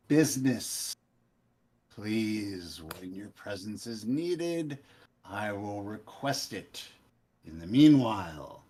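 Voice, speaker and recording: A man's voice: fairly low pitch, a little mellow. A man voicing a suspicious, condescending male cleric leader in a tabletop game. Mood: haughty.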